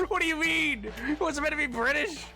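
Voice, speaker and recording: Giggly high-voiced male streamer. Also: gravelly. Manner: giggly, animated, breaks into laughter often. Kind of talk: casual live-stream chat, reading chat messages.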